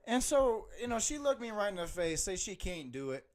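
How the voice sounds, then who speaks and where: A young man hosting a podcast, telling an animated story with lots of laughing and "bro". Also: high voice, quick pace, a loud crowd. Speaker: podcast host. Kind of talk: casual storytelling chat.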